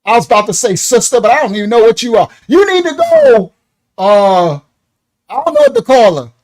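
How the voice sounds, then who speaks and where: Fields: Sex: man. Role: live-stream ministry host. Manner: laughing, apologetic asides. Pitch: very lively. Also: fast talker, low-quality recording. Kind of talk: animated live commentary on a video.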